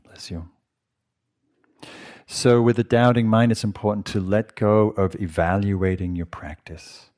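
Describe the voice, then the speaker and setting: A man, a meditation teacher, giving a gentle, conversational dharma talk to a retreat audience and asking them questions. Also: on the low side, steady tone, unhurried. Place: meditation hall.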